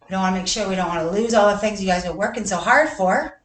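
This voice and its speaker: A woman's voice: medium pitch, fast talker, far from the mic, a little hiss or hum. A woman leading a live online gymnastics workout as coach, counting reps cheerfully and chuckling between exercises. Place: large gym. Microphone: camera a distance away. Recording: echoey gym, voice off-mic.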